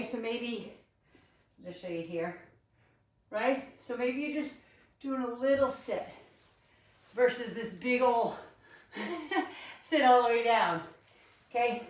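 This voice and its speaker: A breathless woman leads a home workout, cueing moves in a chatty, encouraging way. Her voice sits a little high. The sound is roomy and picked up from a few steps away. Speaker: fitness instructor. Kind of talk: live workout coaching. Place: home living room. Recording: echoey room, mic at a distance.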